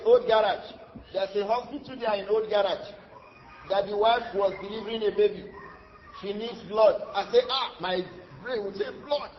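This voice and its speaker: Man, Nigerian accent, high voice, animated storytelling sermon, dull lo-fi recording. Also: slight background noise. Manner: animated, acts out dialogue, laughs often. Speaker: Islamic lecturer.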